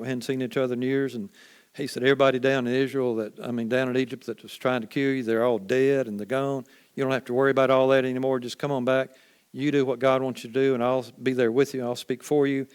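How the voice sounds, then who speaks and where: A man preaching a sermon as a first-person story, folksy and conversational, often dropping to a quiet hush. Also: medium pitch.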